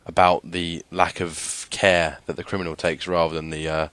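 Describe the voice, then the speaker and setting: Very deep-voiced man, dry close sound. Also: level tone, normal speed, a bit bright, dry recording. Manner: easygoing, hesitant, many fillers and laughs. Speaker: podcast co-host. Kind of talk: casual discussion.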